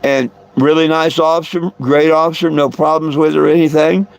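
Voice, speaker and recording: Gravelly-voiced man rambling. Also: on the high side, level tone, brisk. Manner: rambling, repeats words, chuckles between lines. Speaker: live stream host. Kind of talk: casual storytelling to viewers.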